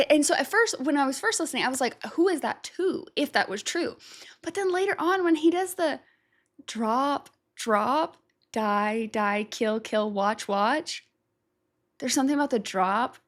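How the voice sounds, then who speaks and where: A woman's voice: high voice, expressive. A woman hosting a music reaction video, thinking aloud, unsure of herself, and trailing off into self-doubt. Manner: reads lyrics aloud slowly. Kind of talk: casual reaction commentary.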